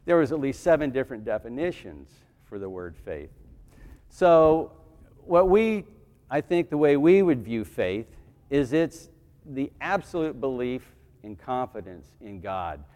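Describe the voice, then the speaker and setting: A man's voice: mid-range voice, big pitch swings, a little slow, a little mellow. Man giving a homily in a reverberant hall. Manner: conversational, with restarts and asides. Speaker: deacon. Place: church.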